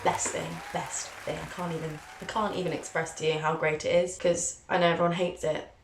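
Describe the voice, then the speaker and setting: A woman's voice: on the low side, little pitch movement, fast talker, slight background noise. A young woman in her twenties telling her own story to camera in a chatty, candid, self-mocking way. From England. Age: 20s. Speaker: vlogger, journalism student. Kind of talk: casual personal storytelling to camera. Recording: roomy, echoey sound.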